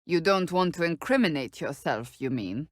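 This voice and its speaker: A woman's voice: low voice, lively intonation, normal speed, no room sound, studio quality. An actress playing a stern, blunt female warrior in curt, formal video game companion dialogue. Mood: questioning.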